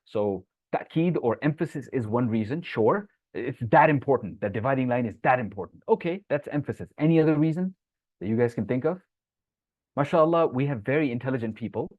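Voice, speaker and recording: Teaching the Quran live online, this man recites Arabic verses rapidly in between explanations in English, taking up viewer comments from the chat as he goes through each point. He's an Islamic teacher with a mid-range voice and lively intonation. The recording comes across dry and tinny, like a phone.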